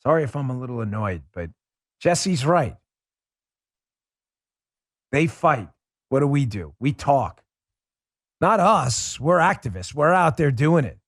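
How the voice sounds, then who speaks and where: A man's voice: medium pitch, dry recording, studio quality. A middle-aged man hosting a political commentary show, delivering a heated, scornful monologue full of insults and repetition.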